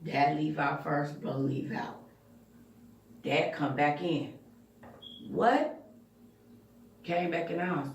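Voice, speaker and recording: A woman's voice: low voice, steady tone, measured pace, a little hiss or hum. A woman hosting her own channel, telling a personal story in a blunt, candid way with plenty of profanity. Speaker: channel host. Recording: echoey room, voice far from mic.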